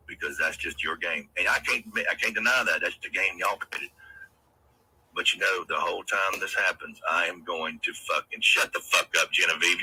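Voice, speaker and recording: Furious, bright-voiced man ranting. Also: sits low, husky, low-quality recording. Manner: profane, confrontational, taunting. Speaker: livestream host. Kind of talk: angry livestream rant.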